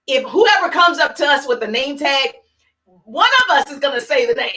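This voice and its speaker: A woman coaching her viewers live, with a high, lifted voice. She talks with energy and emphasis and drives each point home by saying it twice. Now and then she acts out a chipper sample phone call. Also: lively intonation, moderate pace, pushed and bright. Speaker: business coach. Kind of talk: live-streamed coaching talk.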